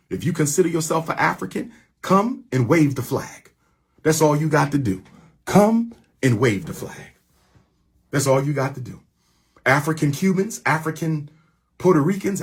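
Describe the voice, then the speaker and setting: A man with a fairly high, breathy-edged voice gives an impassioned, preachy rallying speech to his followers. He repeats his lines for emphasis in a call-and-response style.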